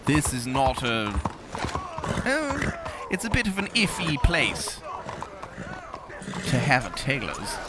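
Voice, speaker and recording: A man's voice: mid-range voice, wildly swooping pitch, slow pace, long pauses, heavy background noise. A man hosting comedic gameplay commentary in a theatrical, pompous manner. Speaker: gaming host in character. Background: game music and sounds.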